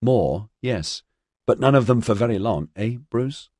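A man's voice: mid-range voice, animated, measured pace, warm tone, breathy edge, no room sound, clean studio sound, pitched above the performer's own voice. A man voicing a serious, earnest young man in a storybook reading.

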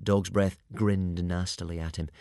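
Expressive male storybook narrator. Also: deep voice, measured pace, no room sound, studio quality. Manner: lively, expressive reading. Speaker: audiobook narrator.

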